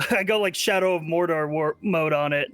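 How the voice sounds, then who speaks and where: A man's voice: fairly high pitch, moderate pace, a bit bright, dry recording. A man playing a tabletop game, explaining his rolls casually with a lot of swearing, "like" and "uh". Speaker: player.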